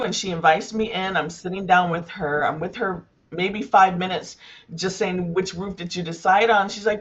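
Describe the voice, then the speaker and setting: A woman's voice: lowish voice, normal speed, highs cut off. A woman who runs a roofing business, telling a personal story candidly in a panel discussion, with frequent fillers.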